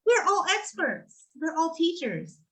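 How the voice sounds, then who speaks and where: A woman's voice: extremely high pitch, sing-song, measured pace, fairly bright tone, rough recording. A woman co-hosting a podcast in casual chat, encouraging and emphatic, repeating her points. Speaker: podcast co-host.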